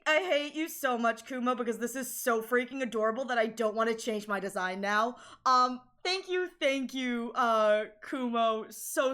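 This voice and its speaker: A woman's voice: high voice, pushed and bright. A woman streamer in casual live-stream chat, emotional and tearful, laughing as she thanks viewers.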